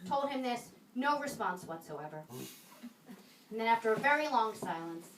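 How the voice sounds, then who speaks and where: A woman performing a stand-up comedy set, with wry, sarcastic asides and pauses before punchlines. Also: a little high, animated, background noise. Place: small comedy venue in a video store, live audience. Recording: roomy live room, mic a bit distant, audience laughter.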